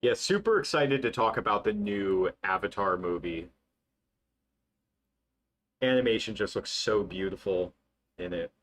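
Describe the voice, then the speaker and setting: Young male streamer, chatty and excitable, rambles with lots of fillers. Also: fairly low pitch, unhurried, pauses often. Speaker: livestream host. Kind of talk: casual livestream chat.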